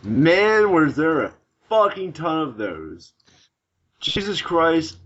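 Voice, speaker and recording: A young man hosting a podcast in a slightly high, bouncy voice that swings all over the place. He rambles, swears constantly and keeps breaking into giggles. The recording is dull and lo-fi. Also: very animated, takes it slowly, fairly bright tone. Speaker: podcast host. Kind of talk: casual chat.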